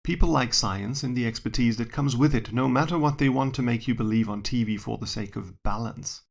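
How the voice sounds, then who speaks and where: A man's voice: mid-range voice, a little fast, vocal fry. A man who works as a science educator, reading his own short story aloud in a dry, wry first-person manner.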